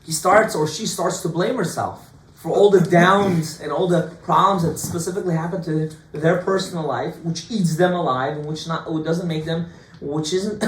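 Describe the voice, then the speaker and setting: A man, a rabbi, giving an informal Torah class to students, lively and joking, full of rhetorical questions. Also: a little high. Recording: echoey room, distant mic, faint hiss.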